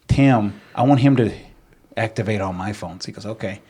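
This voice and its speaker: A middle-aged man from San Antonio, a podcast guest, telling animated stories in casual chat, acting out quotes and swearing freely. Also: on the low side, fairly quick, slightly rough. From San Antonio, Texas. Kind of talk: casual storytelling.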